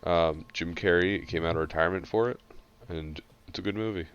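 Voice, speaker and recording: Man co-host, very low voice, laconic and tired-sounding, dull lo-fi audio. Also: a little fast, clean tone. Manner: low-energy, laconic replies. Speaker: podcast co-host. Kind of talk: casual chat.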